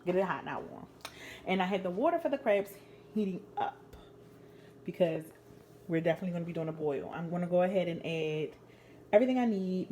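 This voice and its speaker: A woman's voice: mid-range voice, darkish tone, a little hiss or hum. A woman chatting her way through a casual cooking tutorial, talking straight to her viewers. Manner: chatty, talks to viewers as "guys". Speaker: home cook vlogger. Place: home kitchen.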